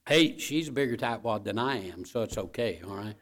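A man's voice: medium pitch, animated, fairly quick, fairly bright tone. Man, middle-aged pastor, conversational sermon, jokes and home stories. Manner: conversational, tells jokes and home stories, keeps asking "all right?". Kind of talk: folksy sermon.

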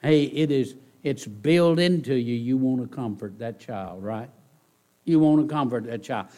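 A man preaching a sermon in church, folksy and animated, often asking the congregation rhetorical questions. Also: medium pitch, normal speed. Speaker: pastor.

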